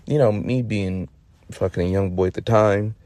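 A man's voice: on the low side, moderate pace, warm tone, dry recording. A man telling funny stories casually, profane and slangy, laid-back with lots of fillers. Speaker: storyteller. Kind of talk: casual comic storytelling.

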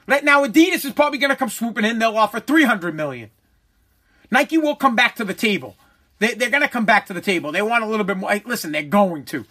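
A man's voice: sits high, expressive, fast talker, sharp tone. A man ranting angrily, profane and repeating himself as he hammers each point home. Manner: heated, profane, repetitive. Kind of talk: angry rant.

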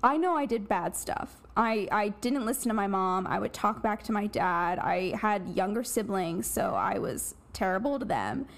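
A woman's voice: mid-range voice, expressive, moderate pace, hardly any pauses. Chatty laughing woman podcast guest. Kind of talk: casual podcast chat.

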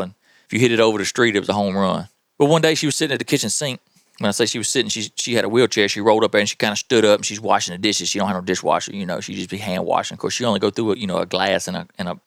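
A man with a Southern US accent hosting a podcast, telling tall tales in a folksy, animated way. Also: on the low side, racing, vocal fry, dry recording, clean studio sound. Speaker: podcast host. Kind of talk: tall-tale storytelling.

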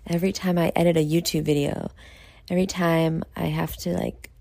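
A young woman, talking late at night about herself in a candid vlog, loud and excitable, with many fillers, sounding tired. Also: fairly low pitch, fairly quick, no echo. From New York. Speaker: podcast host. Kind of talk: candid self-talk vlog.

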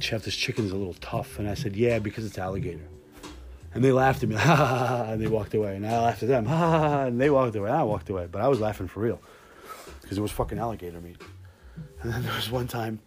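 A man's voice: lowish voice, darkish tone. Profane, sardonic man telling kitchen stories. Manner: profane, sardonic, acts out quoted voices. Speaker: podcast host, chef. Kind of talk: casual storytelling monologue.

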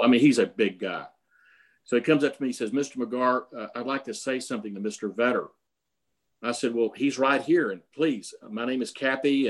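Older male guest, casual anecdotal delivery, halting with frequent fillers. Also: mid-range voice. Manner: rambling, many fillers and restarts. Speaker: guest storyteller.

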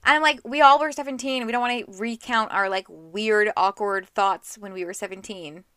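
A young woman co-hosting a casual podcast, reacting with giggles and quick remarks. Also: medium pitch, fairly bright tone, clear, resonant tone. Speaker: podcast co-host. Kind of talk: casual chat.

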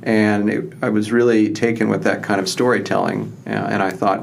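A man in his thirties speaks in a low, gravelly voice as a guest in an interview. He talks thoughtfully and unhurriedly, with lots of fillers and restarts. A faint low rumble of noise sits under the recording. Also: flat delivery, normal speed, few pauses. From southwestern Ohio. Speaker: historian guest. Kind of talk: conversational interview.

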